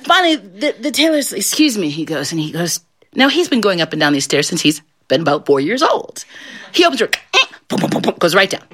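A middle-aged woman telling a folktale aloud, expressive and laughing often as she narrates. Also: on the low side, brisk, breathy edge. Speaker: storyteller. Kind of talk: animated oral folktale telling.

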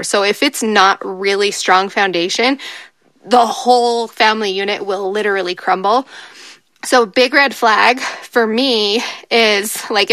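A woman's voice: medium pitch, a bit bright, no room sound. A woman talking earnestly in casual conversation, with many "like" fillers. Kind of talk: casual chat.

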